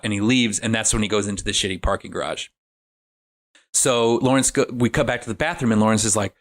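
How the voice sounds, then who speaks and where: A man casually recapping a horror film's plot on a podcast, animated and profane, acting out the characters' lines. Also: fairly low pitch, fairly quick. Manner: animated, profane retelling with acted-out quotes. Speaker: podcast host. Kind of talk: casual comedic film recap.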